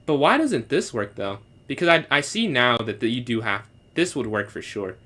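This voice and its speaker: A young man with a bright, ringing voice chats casually through a chess stream, reasoning out loud about each move. He answers his viewers as he goes, now and then slipping into halting classroom French. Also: medium pitch, very animated. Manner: thinks aloud, answers chat questions, switches into halting beginner French. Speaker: chess streamer solving puzzles with chat. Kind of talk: casual live-stream commentary.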